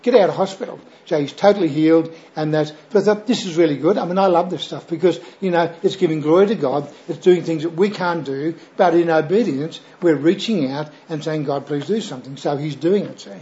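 A man's voice: a little high, brisk, hardly any pauses, warm tone, dull audio. An older Australian man, a pastor, telling his personal testimony in a chatty, rambling way with frequent fillers and "right?" tags.

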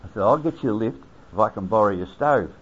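A man's voice: fairly low pitch, expressive, fast talker, breathy edge. An older Australian man, an army veteran, telling a rambling anecdote with chuckles, acting out the quoted voices. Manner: chuckling, acts out quoted voices, lots of fillers. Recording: dull lo-fi recording.

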